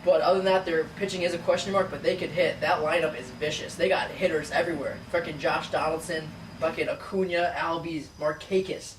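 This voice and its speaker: A man with a New York accent co-hosting a sports podcast, talking in a profane, animated, casual way. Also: a little high, fairly quick, hardly any pauses. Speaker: podcast co-host. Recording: echoey room from far off, faint noise.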